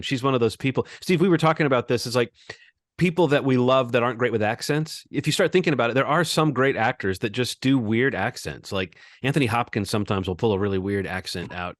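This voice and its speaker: A man's voice: medium pitch, no echo, studio quality. A man co-hosting a movie review podcast in casual, rambling chat full of fillers and restarts. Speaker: podcast co-host.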